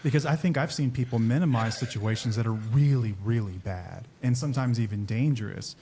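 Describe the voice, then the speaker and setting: A man's voice: mid-range voice, fairly quick, warm tone. A podcast host, a man with a mid-range voice, asks the guest probing follow-up questions. A faint hum of room sound sits under his voice. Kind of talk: interviewing.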